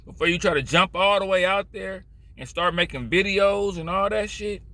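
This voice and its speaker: A man's voice: high voice, moderate pace, sharp tone. A man from Richmond, California, with a Californian accent, giving blunt, profane, rambling street commentary in a casual vlog.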